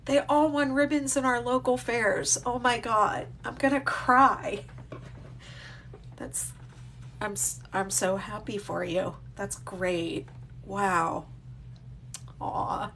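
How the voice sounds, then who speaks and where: A woman's voice: mid-range voice, fairly even intonation, slow, fairly bright tone, a little hiss or hum. A woman hosting a casual livestream, chatting and gushing as she reads viewer comments aloud. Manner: chatty and gushing, with frequent fillers. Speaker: crochet designer hosting a livestream. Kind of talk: casual live-stream chat, reading viewer comments aloud.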